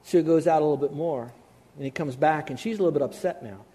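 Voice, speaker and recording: Animated male preacher with a mellow voice. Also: a little high, fast. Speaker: pastor. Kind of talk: sermon.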